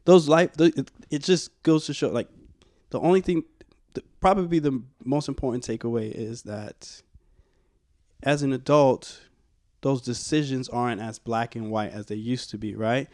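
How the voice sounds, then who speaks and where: A man's voice: mid-range voice, normal speed, darkish tone, no room sound, clean studio sound. A man in casual chat, talking reflectively and rambling with many restarts.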